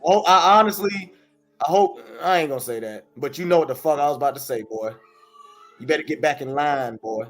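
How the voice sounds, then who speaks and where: A man hosting a live stream, yelling profane taunts and insults at people in his chat. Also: fairly high pitch, a little fast. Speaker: livestream host. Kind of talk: heated trash talk on a live stream.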